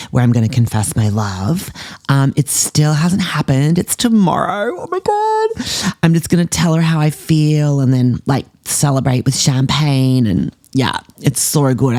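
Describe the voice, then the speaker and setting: A man's voice: mid-range voice, darkish tone, dry recording, studio quality, natural voice. A man playing a spoiled, self-obsessed teenage girl influencer with an Australian accent, chattering with whiny valley-girl fillers in a comedy podcast. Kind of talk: comedy podcast monologue in character.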